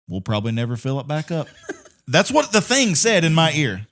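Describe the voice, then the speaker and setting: A podcast co-host with a drawl, his somewhat high voice swinging widely in pitch as he rants. He talks in loose, profane casual chat and laughs often. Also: normal speed. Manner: animated storytelling, swearing, laughing often.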